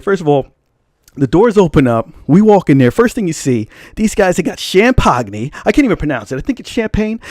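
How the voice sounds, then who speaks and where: A man's voice: on the high side, a little mellow, dry recording, studio quality. A young man hosting a casual storytime vlog, rambling and slangy as he tells his story. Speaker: storytelling channel host.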